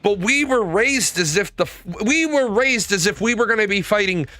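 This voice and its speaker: A man in his forties, a streamer, telling stories in a profane, animated rant. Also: sits high, normal speed, no echo. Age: 40s. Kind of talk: ranting casual talk.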